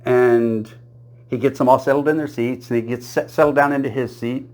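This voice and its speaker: A man runs through one joke after another at an even, middle pitch. His delivery is dry and unhurried. He keeps the setups plain and now and then laughs at his own punchlines. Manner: deadpan storytelling, laughs at own jokes. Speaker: comedian telling jokes. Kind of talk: joke-telling monologue.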